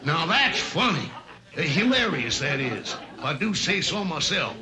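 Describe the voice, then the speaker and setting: Pompous cartoon rooster, high lively blustering voice, stammering boasts, loud audience laughter on a noisy TV recording. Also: male voice, unhurried, a loud crowd. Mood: boastful. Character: blustering loudmouthed rooster, middle-aged, pompous. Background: studio audience laughing.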